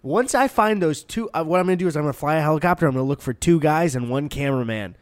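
A man's voice: fairly high pitch, lively intonation, fast, no room sound, clean studio sound. A young American man co-hosting a podcast, chatting casually and joking in a rambling way. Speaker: podcast co-host. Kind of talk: casual chat.

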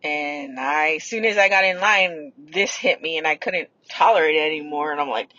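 With a low, pushed, bright voice, this podcast host talks briskly through casual, meandering stories and doesn't hold back on the swearing. The audio itself sounds dull.

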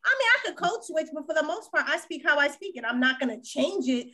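A woman hosting a podcast, from the Boston area, talking in frank, animated casual chat. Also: high-pitched, quick pace. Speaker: podcast host.

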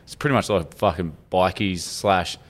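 A man's voice: deep voice, normal speed. A young Australian man, a podcast co-host, telling stories in casual chat, rambling with lots of fillers and swearing.

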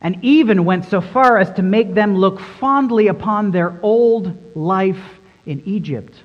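A man's voice: high voice, unhurried, muffled recording. A man preaching a sermon as pastor, emphatic and fond of repeating phrases for stress. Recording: long reverb in a large hall.

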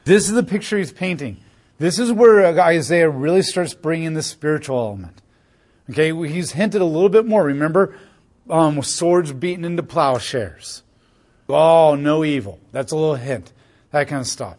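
A man's voice: on the high side, lively intonation, normal speed, darkish tone. A man teaching a casual Bible study, explaining passages conversationally with asides and frequent "like".

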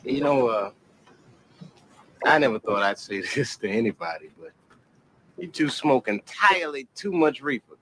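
An actor playing a blunt adult man who scolds stoners with a dry, deadpan delivery. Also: medium pitch, moderate pace, pauses often, breathy edge, rough recording.

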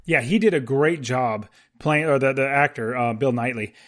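A man's voice: medium pitch, moderate pace, a bit bright. A man co-hosting a casual film chat, rambling and full of fillers. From United States. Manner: rambling, with frequent fillers and laughs. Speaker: podcast co-host discussing films.

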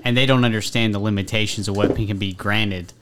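A man's voice: lowish voice, steady tone, brisk, noisy background. A man on a podcast, thinking aloud and adding jokey asides. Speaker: podcast co-host. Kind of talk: casual discussion.

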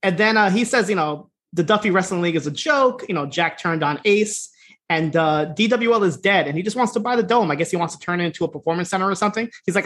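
Here a high-pitched man talks at a quick clip, giving a relaxed, foul-mouthed recap of a wrestling series on a podcast he co-hosts. He laughs often and voices the characters' lines with plenty of animation.

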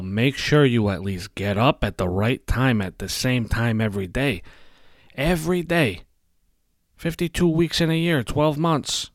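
A man's voice: medium pitch, dry recording, clean studio sound. A man hosting a solo podcast, ranting bluntly and emphatically with constant swearing. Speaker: podcast host. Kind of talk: profane solo podcast rant.

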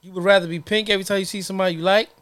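Co-host, man, high and lively voice, slangy, dry close sound. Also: racing, no room sound. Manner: loose, laughing, slangy. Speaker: podcast co-host. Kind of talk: casual banter.

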